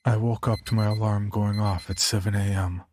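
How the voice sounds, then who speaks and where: A man reading a scripted horror story as narrator, in a measured, grave manner. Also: fairly low pitch, little pitch movement, a little mellow, slight background noise.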